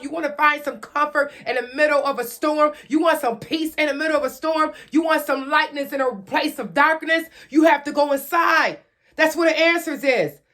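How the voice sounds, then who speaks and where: A woman's voice: sits high, a bit bright. A woman giving a blunt, profane, lecturing rant straight to her audience, repeating her questions for emphasis. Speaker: vlogger. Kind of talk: direct-to-camera rant.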